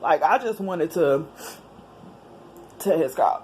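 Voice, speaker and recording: A woman's voice: lowish voice, slow, long pauses. Woman vlogger, chatty storytelling, faint background hiss. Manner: animated, chatty, with slang and laughs. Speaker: vlogger telling a personal story. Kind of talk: casual storytelling to camera.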